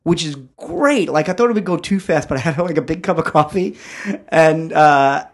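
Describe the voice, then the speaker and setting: A man's voice: a little high, normal speed. A man hosting a casual comics podcast, talking energetically and laughing often. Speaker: podcast host. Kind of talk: casual chat.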